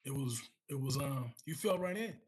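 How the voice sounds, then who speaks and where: A man's voice: medium pitch, animated, slightly rough, rough recording. A middle-aged man, a retired first sergeant, talking casually as a podcast guest, often repeating words as he gathers his thoughts. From United States. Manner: halting, repeats words, warm praise. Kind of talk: casual conversation.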